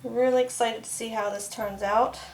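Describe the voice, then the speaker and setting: A woman's voice: fairly high pitch, fairly even intonation, normal speed. A woman soap maker chatting casually as she works, laughing now and then through her stories. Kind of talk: casual crafting vlog narration.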